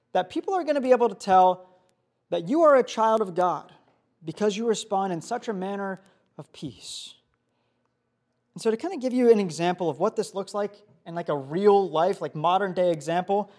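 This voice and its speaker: A young man giving a youth sermon, telling a story in a casual, animated way full of fillers. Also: high voice. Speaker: youth pastor.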